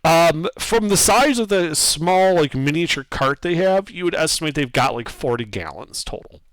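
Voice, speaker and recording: A man narrating a tabletop game as game master, describing scenes in a lively, casual way with fillers. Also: on the high side, moderate pace.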